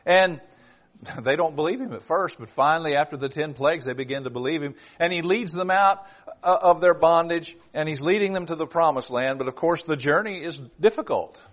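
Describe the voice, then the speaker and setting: A man preaching a sermon, moving between loud emphasis and low, hushed asides. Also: a little fast. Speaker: pastor.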